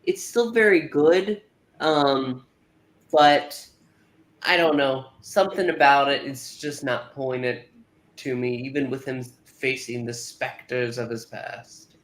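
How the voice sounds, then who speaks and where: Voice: mid-range voice, takes it slowly, roomy sound. A speaker in a casual chat, hesitant and unsure.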